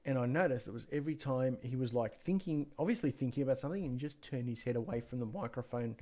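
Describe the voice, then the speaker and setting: A man's voice: mid-range voice, fast, dark tone. A man co-hosting a PC deals show, chatting loosely through anecdotes and muttering to himself as he browses. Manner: chatty, loose, trails off mid-sentence, mutters while browsing. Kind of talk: casual rambling chat with anecdotes. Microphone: gaming headset mic.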